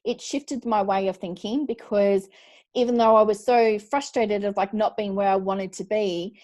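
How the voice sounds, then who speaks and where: A woman hosting an interview, speaking in earnest, quick bursts with plenty of fillers. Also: medium pitch, fairly even intonation, darkish tone. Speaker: host. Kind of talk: casual interview chat.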